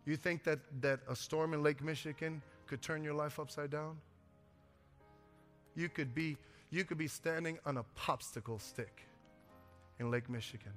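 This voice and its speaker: A man's voice: a little high, fairly even intonation, moderate pace, a bit bright. A man preaching a sermon as pastor, asking the congregation questions and answering them himself. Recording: music and long hall reverb.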